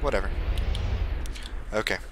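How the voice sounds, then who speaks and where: A man's voice: measured pace, fairly bright tone. A man chatting and joking with a friend while recording a let's play. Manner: joking, teasing, drops to near-whispers at times. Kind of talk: casual chat over gameplay. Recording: noisy gameplay audio behind.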